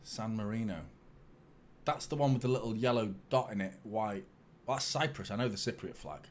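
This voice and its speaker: A man's voice: lowish voice, normal speed, a little hiss or hum. Sweary man bantering with chat. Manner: casual, swears a lot, self-mocking banter with chat. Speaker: fan channel host. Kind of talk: live-stream watchalong chat.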